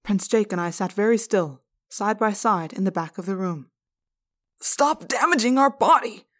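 Woman, audiobook narrator, first-person story, steady, measured, mid-pitched voice. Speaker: audiobook reader.

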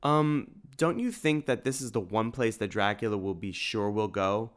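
A man's voice: fairly low pitch, lively intonation, moderate pace, close to an everyday voice. A man voicing a nervous, casual young boy who talks in slang, in a storybook reading.

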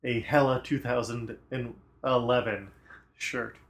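A man's voice: mid-range voice, steady tone, unhurried, fairly bright tone. A man co-hosting a casual movie podcast, sharing trivia and murmuring agreement. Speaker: podcast co-host. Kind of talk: casual movie-review chat.

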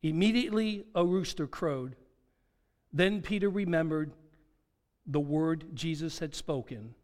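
Lively high-voiced preacher in a reverberant hall. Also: male voice, unhurried, long pauses. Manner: dramatic, acts out quoted dialogue, rhetorical questions. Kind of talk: sermon. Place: church sanctuary.

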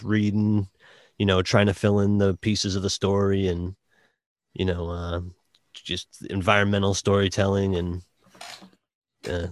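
A man with a Boston accent chatting casually about a game, halting with many restarts and fillers. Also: lowish voice, no room sound. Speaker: podcast guest reviewing a game. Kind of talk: casual chat.

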